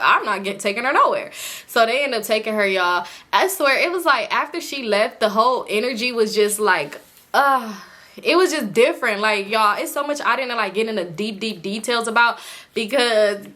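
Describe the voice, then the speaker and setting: A young woman telling a casual storytime to her viewers, animated and acting out what her friends said, swearing freely and calling her audience y'all. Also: a little high. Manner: animated, acts out quotes of friends. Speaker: vlogger.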